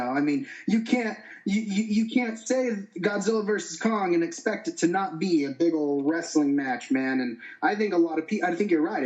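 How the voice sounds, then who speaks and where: A man co-hosting a casual podcast chat, speaking hesitantly with many restarts. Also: high voice. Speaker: podcast co-host.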